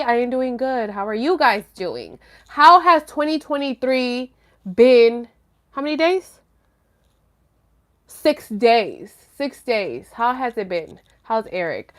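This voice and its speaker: A woman's voice: on the high side, lively intonation, slow pace, fairly bright tone. Candid, slangy woman chatting live. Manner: slangy and candid, with frequent fillers and profanity; laughs nervously when flustered. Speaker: livestream host answering viewer chat. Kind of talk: casual chat.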